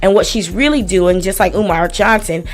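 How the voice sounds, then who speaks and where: A woman's voice: mid-range voice, moderate pace. A woman hosting a live stream, reading and commenting on a lawsuit in a blunt, profane and sarcastic way.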